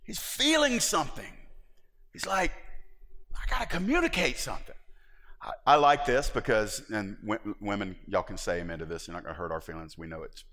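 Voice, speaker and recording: A male pastor preaching a sermon in a lively, conversational way, with joking asides to the congregation, and he jumps into high, excited voices when he acts out a story. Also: brisk. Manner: animated, jumps into high voices acting out David. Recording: long reverb of a large hall.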